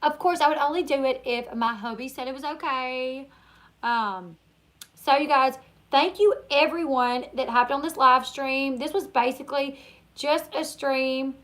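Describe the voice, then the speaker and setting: A woman with a country Northern Louisiana accent hosts a casual live stream, chatting easily and reading out viewer comments as they come in. Her voice sits high and bright. She sounds a little tired. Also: a little slow. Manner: chatty, reads viewer comments aloud, laughs often. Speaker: YouTuber live-stream host.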